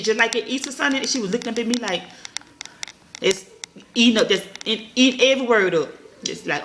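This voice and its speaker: Woman, 30s, mom vlogger, blunt, swears a lot, bright voice, faint background noise. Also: a little high. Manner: fast-talking, blunt, swears freely. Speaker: vlogger, mother. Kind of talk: casual storytelling to viewers. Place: at home. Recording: echoey room, faint noise.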